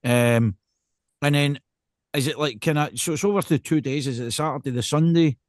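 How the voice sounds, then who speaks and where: A man's voice: on the high side, no room sound, clean studio sound. A man hosting a podcast in casual chat, firing off stacked questions one after another. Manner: rapid-fire, stacked questions. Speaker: podcast host.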